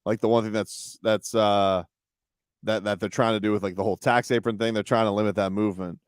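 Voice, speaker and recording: A man's voice: on the low side, steady tone, fairly quick, clean tone, dry recording. A man co-hosting a sports radio show, chatting casually in a dry, teasing way. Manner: dry, teasing, slips into mock voices. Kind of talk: casual sports talk banter.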